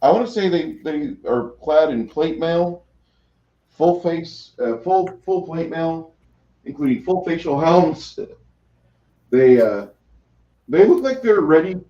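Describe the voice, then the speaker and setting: A man's voice: fairly high pitch, lively intonation, slow, mellow, muffled recording. A man as game master of a tabletop game, casual and joking as he calls the rolls.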